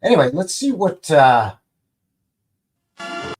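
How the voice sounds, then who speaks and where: A man's voice: on the high side, very animated, slow pace, faint music behind. A man hosting a live stream in a casual, rambling way, greeting viewers and reading their comments aloud with light jokes. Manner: jokey and informal, swears lightly. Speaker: livestream host.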